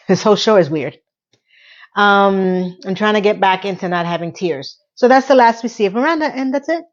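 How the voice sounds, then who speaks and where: A middle-aged woman talks through a TV episode in a loose, chatty recap, her voice jumping up in pitch when something moves her. The sound is a little dull and muffled. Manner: chatty and emotional, with quick rises in pitch. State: tearful. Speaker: TV recap vlogger. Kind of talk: casual solo recap.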